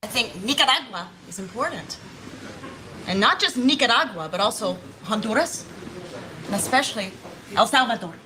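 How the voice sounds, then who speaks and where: A woman's voice: fairly high pitch, expressive, moderate pace, long pauses, a crowd in the background, lightly acted, rough recording. An actress playing a newswoman who suddenly says Spanish names with a heavy accent. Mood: mock-serious. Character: newswoman overdoing Spanish pronunciation. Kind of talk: comedy sketch.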